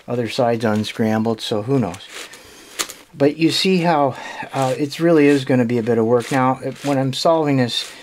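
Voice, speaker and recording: A man hosting his own puzzle channel, chatting casually through an unboxing in a hesitant, halting way, with frequent restarts and small laughs. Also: mid-range voice, a little mellow, a little hiss or hum.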